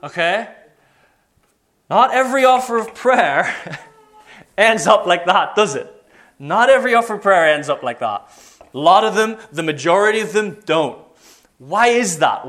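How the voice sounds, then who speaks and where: Animated man preaching. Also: sits high. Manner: animated, acts out quoted voices. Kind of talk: sermon storytelling.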